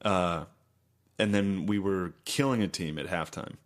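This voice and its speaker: A lower-pitched man on a casual comedy podcast. He tells rambling anecdotes, laughs often and suddenly belts out other people's lines at full volume. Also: unhurried. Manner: storytelling, laughs easily, loud bursts when acting out people. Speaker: podcast co-host.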